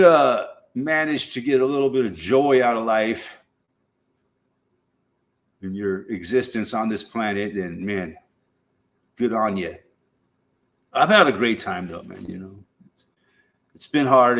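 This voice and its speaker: This livestream host is a middle-aged man from the United States whose voice sits on the low side with a bit of brightness. His casual, meandering talk is slow and drawn out, full of cursing and frequent laughter.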